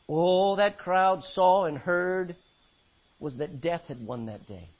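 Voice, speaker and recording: Husky guy preaching, voice jumps all over, kinda dull lo-fi sound. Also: high-pitched, takes it slowly. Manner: animated, acts out biblical voices. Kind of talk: sermon. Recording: dull lo-fi recording.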